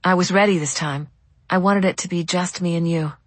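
A woman playing a weary, tender young mother who speaks softly and sadly to her child. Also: fairly low pitch, steady tone, fairly quick, no echo, natural voice. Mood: sorrowful. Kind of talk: audiobook dialogue.

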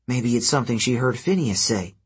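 A man voicing a caring, sympathetic teenage girl who speaks softly and apologetically. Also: mid-range voice, expressive, brisk, husky. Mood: concerned. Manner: soft, apologetic.

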